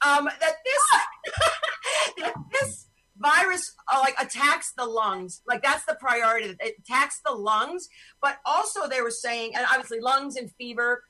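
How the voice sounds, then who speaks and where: A woman's voice: sits high, animated, measured pace, sharp tone, poor audio. A woman hosting a podcast over a video call, talking in a blunt, profane, ranting way. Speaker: podcast host. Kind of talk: casual chat on a video call.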